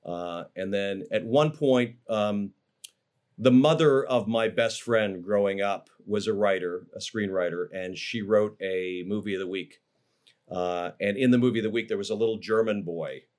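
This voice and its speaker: A man with a fairly low voice shares memories as an interview guest. He rambles along, circling back with plenty of fillers and restarts, in an easygoing, conversational way. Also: moderate pace, a little mellow. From Los Angeles, USA. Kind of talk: casual interview storytelling.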